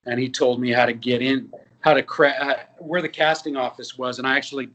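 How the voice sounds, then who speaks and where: A man in his fifties, an actor and musician, telling lively anecdotes with quoted dialogue in a casual interview. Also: medium pitch, fairly quick, muffled recording.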